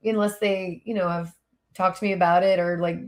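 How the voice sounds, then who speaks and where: A woman's voice: lowish voice, steady tone, fairly quick, darkish tone. Chatty self-deprecating woman guest. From Louisiana. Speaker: guest, voice actor and singer. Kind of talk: casual interview chat.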